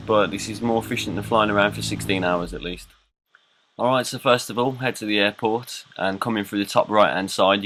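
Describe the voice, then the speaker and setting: Low-voiced man with a cold. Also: slight background noise, rough recording. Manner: self-described monotone, relaxed. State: getting over a cold. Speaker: gaming YouTuber. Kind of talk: game tutorial commentary. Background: background music.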